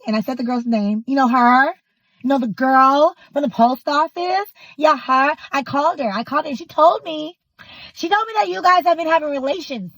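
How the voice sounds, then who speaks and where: Animated woman telling a messy story. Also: high-pitched, no room sound, poor audio. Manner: animated, emphatic and exasperated. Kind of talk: casual storytime monologue.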